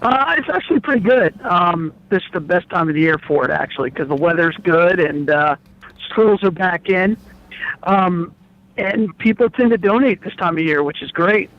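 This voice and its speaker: A man's voice: high-pitched, expressive, normal speed, muffled recording. A man calling in to a radio show by phone from a car, talking in an opinionated, rambling way with many restarts. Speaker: blood bank representative phoning in. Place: in a car on the road.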